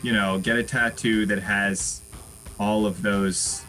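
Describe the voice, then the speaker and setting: A man with a bright, clear-toned voice improvising as an easygoing tattoo artist. He agrees readily and fills gaps with "yeah" and "you know". Faint music runs underneath. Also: lowish voice, fairly even intonation, slow pace, low-quality recording. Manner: friendly, accommodating, filler-heavy. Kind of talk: improv comedy scene.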